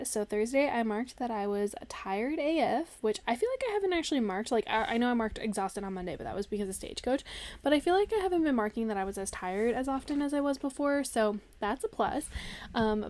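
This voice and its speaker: A woman's voice: fairly high pitch, a little mellow. A young woman chatting casually through her planner spreads, bubbly and rambling with lots of fillers and laughs. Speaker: planner vlogger.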